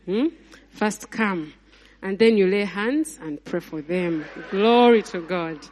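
A married woman preaching a lively sermon, acting out scenes with laughs and sudden high exclamations. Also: a little slow. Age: adult, married mother. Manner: acts out voices of people and God in her retelling. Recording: long hall reverb.

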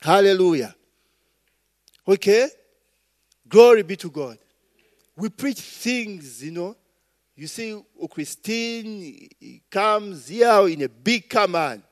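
Ugandan male pastor, middle-aged, slow and rambling sermon delivery, fairly high voice, keeps checking in with the crowd. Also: lively intonation. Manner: rambling, call-and-response asides, frequent "eh?" and "okay?".

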